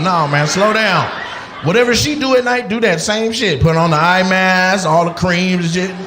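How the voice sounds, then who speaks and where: A man's voice: high voice, noisy background. A male comedian doing profane, teasing crowd work with audience members. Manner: teasing, profane, quick banter. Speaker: stand-up comedian.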